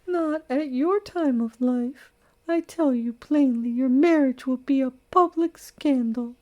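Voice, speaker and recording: A woman's voice: high-pitched, unhurried, mellow, muffled recording, voice pushed up. A woman reading an audiobook, voicing a prim, disapproving older woman who sharply objects to her friend's marriage.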